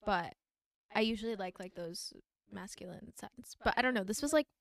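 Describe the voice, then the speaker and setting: Young female podcast co-host, upbeat chatter, fry-tinged, dry room. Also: mid-range voice, moderate pace, no echo. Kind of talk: casual chat. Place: friend's bedroom.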